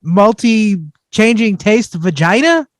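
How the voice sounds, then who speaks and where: Podcast co-host, male, high voice, wisecracking, dry sound. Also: animated, slow pace, no room sound. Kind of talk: joking casual banter.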